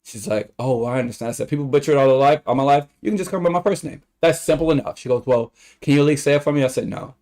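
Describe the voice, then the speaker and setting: A young man on a casual livestream, rambling through a story and acting out the quotes in high voices. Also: very fast, hardly any pauses, a little mellow. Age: young adult.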